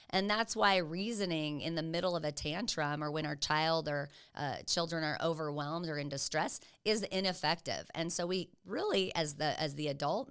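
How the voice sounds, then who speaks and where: An older woman hosts a parenting talk and explains her ideas in an earnest, gentle way. Her voice sits low, with a gravelly edge running through it. Her words still come out smooth and resonant. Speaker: podcast host.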